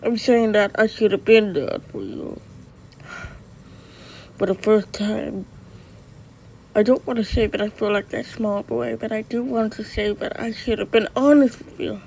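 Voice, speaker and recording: A performer voicing a remorseful father who apologizes to his son, speaking in a halting, earnest, pleading way. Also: mid-range voice, steady tone, vocal fry, a little mellow, a little hiss or hum, rough recording. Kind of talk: amateur dramatic dialogue.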